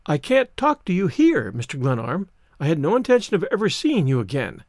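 A man's voice: fairly high pitch, huge pitch swings, brisk, dry recording, studio quality, full character voice. A man voicing a cool, poised young woman who speaks with frosty, formal politeness. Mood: firm earnest.

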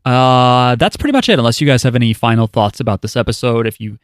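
A man's voice: mid-range voice, lively intonation, fast, smooth, no room sound, studio quality. A man hosting a casual podcast chat and offering wry, joking opinions. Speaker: podcast host.

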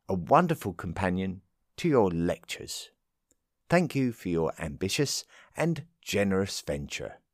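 A man's voice: deep voice, very animated, a little slow, dry recording, studio quality, heavily acted. A man reading out a fan letter in a put-on voice as a grateful Australian woman listener. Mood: fond.

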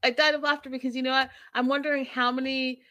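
A high-voiced woman talks fast while hosting a laid-back reality TV recap, laughing and performing what people said with lots of energy. It's a dry recording.

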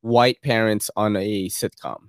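Playful animated podcast co-host man. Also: fairly low pitch, measured pace, smooth, no room sound, clean studio sound. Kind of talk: casual chat.

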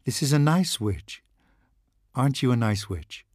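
A man reading the lines of a poised, gentle mother in his own low voice in an audiobook. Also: lively intonation, measured pace, no echo, studio quality. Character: calm, poised mother, a politician's wife. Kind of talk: audiobook narration.

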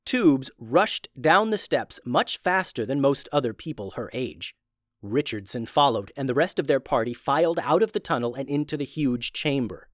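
Guy reading a kids fantasy story, even tone, dry mic. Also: mid-range voice, moderate pace, dry recording. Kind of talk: children's story narration.

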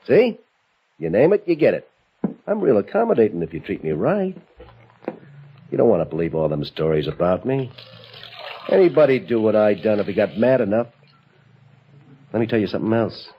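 Faint music plays under this lo-fi vintage recording, where an actor portrays a menacing escaped convict taunting a hostage couple in a drawling, mocking tough-guy style. The man's lowish voice is very animated, with a moderate pace and frequent pauses. There's slight background noise.

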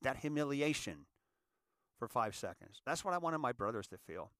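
Man, 60, from California, show host; earnest confessional monologue, halting and repetitive, dry close sound. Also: medium pitch, sing-song, fairly bright tone, no echo. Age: 60s. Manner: halting, repeats words, earnest.

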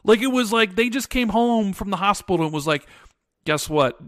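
A man in his thirties chats casually on a podcast and tells rambling stories, stumbling over restarts. His voice sits high. The sound is close and dry, with no room in it. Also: expressive, fairly quick, a bit bright, dry recording. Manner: rambling storyteller, restarts often. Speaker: podcast co-host. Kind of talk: casual chat.

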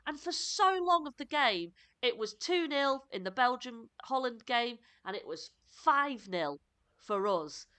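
A woman co-hosting a podcast, chatting casually and enthusiastically about football, with quick bursts and restarts. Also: fairly high pitch, big pitch swings, pushed and bright. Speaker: podcast co-host.

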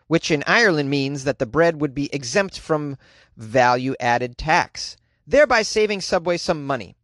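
A man delivers comedic news commentary in a ranting, sarcastic way, full of crude jabs. His voice sits a little high for a man, and the sound is dry and close. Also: a bit bright, dry recording. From United States.

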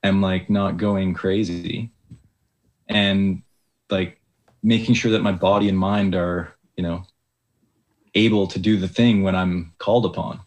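Low-voiced young man, hesitant talk. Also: fairly even intonation, unhurried, pauses often. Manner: hesitant, many likes and restarts. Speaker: Olympic ski jumper, guest. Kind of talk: casual interview talk.

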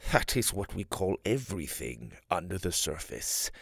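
A man's voice: low-pitched, big pitch swings, moderate pace, vocal fry, breathy edge, no echo, studio quality, voice pushed down, heavily acted. A man voicing a round, hot-tempered father from an underground people who speaks in a stern, formal way. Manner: stern, formal, shouts in bursts.

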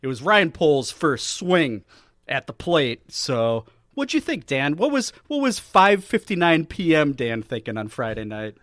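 A man's voice: on the high side, huge pitch swings, a little slow, fairly bright tone, no echo, studio quality. A man co-hosting a casual sports podcast, talking in a joking, sarcastic way and laughing often. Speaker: podcast co-host.

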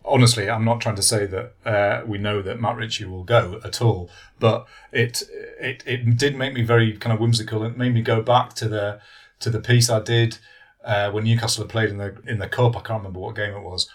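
A man's voice: lowish voice, steady tone, brisk. A man, a football journalist on a podcast, telling anecdotes and acting out quotes from players. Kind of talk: casual football podcast chat.

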